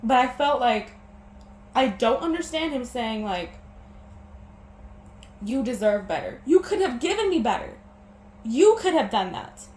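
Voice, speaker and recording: A young woman's fairly high, sing-song voice comes across a little mellow and a little slow, with long pauses, as she vlogs about her breakup. Teary and sniffling, she stumbles and restarts. Echo and faint noise mark the room.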